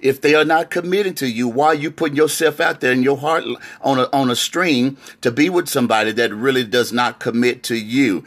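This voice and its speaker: A man's voice: medium pitch, fairly bright tone. A man preaching a sermon as pastor, talking straight to the audience with teasing asides.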